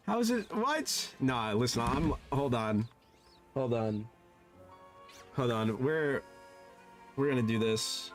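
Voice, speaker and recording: A man streaming a game, chatting casually and sounding animated and flustered, his voice jumping high and dropping low. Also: takes it slowly, long pauses, soft background music. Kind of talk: casual live-stream chat.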